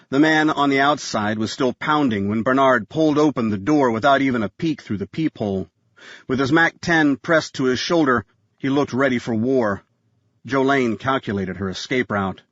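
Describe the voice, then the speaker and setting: A man's voice: medium pitch, fairly bright tone, no echo. Male audiobook narrator, tense thriller delivery, dull dry studio sound. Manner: tense thriller reading, voices characters.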